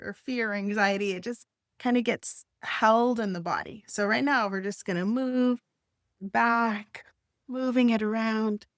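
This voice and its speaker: A woman leading a guided breathing and stretching exercise, with gentle, encouraging, unhurried instructions and the odd soft laugh. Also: a little high, dry recording, studio quality. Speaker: wellness instructor.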